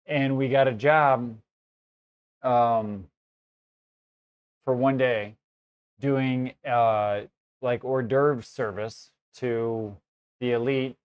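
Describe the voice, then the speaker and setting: A man's voice: mid-range voice, fairly even intonation, very slow, pauses often, clear, resonant tone, muffled recording. A man with a Chicago accent, a guest telling a rambling story in casual chat and laughing often.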